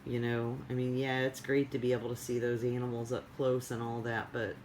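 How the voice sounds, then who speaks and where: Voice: mid-range voice, flat delivery, fairly quick, a little mellow, slight background noise, poor audio. A vlogger chatting casually in a rambling, digressive way with many fillers. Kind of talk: casual chat.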